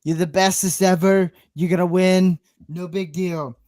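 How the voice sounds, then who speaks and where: A man's voice: high voice, fairly even intonation, unhurried, a little mellow, no echo, clean studio sound. A man putting on a boastful male politician's voice, bragging in superlatives.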